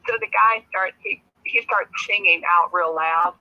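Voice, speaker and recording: A woman guest telling a personal story in a casual, lively way, laughing often as she talks. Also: on the low side, measured pace, muffled recording.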